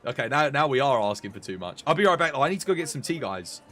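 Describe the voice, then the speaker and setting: A young man streaming a game, chatting excitably with his viewers. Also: mid-range voice, quick pace. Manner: chatty, excitable, talks to chat. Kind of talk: casual live-stream chat.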